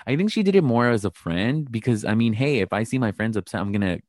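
A man's voice: on the low side, expressive, fast, darkish tone, dry recording, clean studio sound. A young adult man co-hosting a casual chat. He talks in a profane, self-deprecating way and often restarts his sentences. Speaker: podcast co-host.

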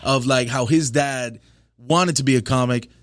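A man's voice: mid-range voice, normal speed, no room sound. A man in his thirties, a stand-up comedian, telling profane stories in a casual podcast chat. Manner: profane, storytelling, laid-back.

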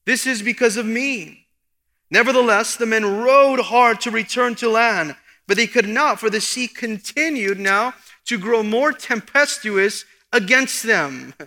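Male pastor, earnest sermon delivery with emphatic lifts, bright tone, reverberant hall. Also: very high voice, expressive, measured pace. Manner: earnest preaching, rising for emphasis. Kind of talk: expository sermon.

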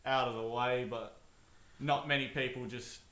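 Halting, bright-voiced man. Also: mid-range voice, fairly even intonation, roomy sound. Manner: hesitant, many ums and restarts. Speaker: podcast co-host. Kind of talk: casual storytelling.

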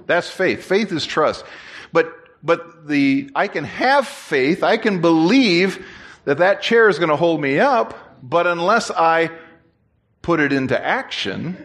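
A man preaching a sermon as pastor, telling a story in a lively, joking way and repeating phrases for emphasis. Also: a little high, takes it slowly. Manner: animated, jokey storyteller who repeats and restarts phrases.

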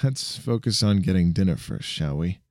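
A man reading a story aloud, voicing a calm, modest young male hero who speaks evenly and matter-of-factly. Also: deep voice, moderate pace, dry recording, studio quality.

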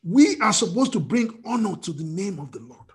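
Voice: mid-range voice, sing-song, normal speed, slightly rough. A preacher giving an emotional, fervent sermon, often restarting phrases.

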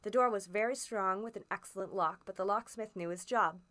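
A woman reading a classic story aloud as a first-person narrator, steady and expressive in emphasis. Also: mid-range voice, a little fast. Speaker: audiobook reader.

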